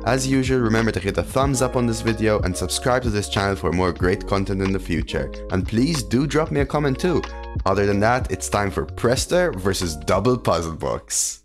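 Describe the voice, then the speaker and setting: A male streamer talks through a digital card game in a relaxed, chatty way, his pitch bouncing up and down as he reacts. He answers his chat aloud between turns, with faint music running under his voice. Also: moderate pace.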